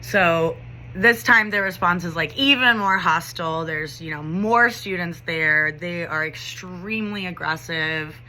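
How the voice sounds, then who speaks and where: A woman's voice: on the low side, measured pace, pushed and bright. A young adult woman teacher telling a story in a casual vlog, talking conversationally with lots of "like" and "you know".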